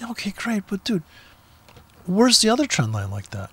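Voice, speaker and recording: A man with a somewhat raised pitch and a gravelly, fry-laden voice delivers combative, foul-mouthed trading commentary. He talks off the cuff from a car with the window rolled down. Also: huge pitch swings, normal speed, sharp tone. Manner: profane, blunt and combative. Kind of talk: unscripted ranting commentary.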